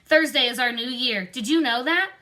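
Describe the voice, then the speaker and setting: A woman reading aloud, voicing a gentle, sensible young girl. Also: high-pitched, moderate pace. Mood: matter-of-fact. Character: kind, sensible ten-year-old girl.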